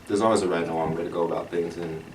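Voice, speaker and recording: A man on a discussion panel, speaking calmly and even-handedly, trailing off softly. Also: sits low, racing. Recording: roomy, distant mic, audible noise.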